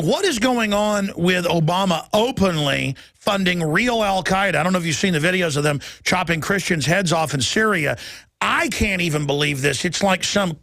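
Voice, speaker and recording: Radio host guy, raspy gravelly voice, talks fast and trips over his words. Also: high-pitched, a bit bright, no echo. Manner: rapid, restarts with repeated words. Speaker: radio talk show host. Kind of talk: talk radio interview.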